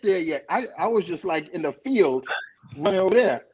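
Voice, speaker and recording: A man in a casual chat, lively and teasing, often cutting in on others. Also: sits high, normal speed, muffled recording.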